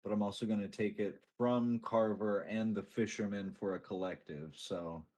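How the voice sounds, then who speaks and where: A man's voice: fairly low pitch, fairly even intonation, normal speed, darkish tone. A young man narrating a tabletop game as game master, casual and full of fillers.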